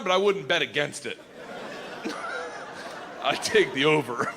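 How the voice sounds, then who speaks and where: A man performing a stand-up comedy routine on a live stage, telling crude stories loudly and excitably, often jumping into high yelling bits. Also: a little slow, long pauses, long reverb tail. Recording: live stage recording with crowd laughter. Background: audience laughter and crowd noise.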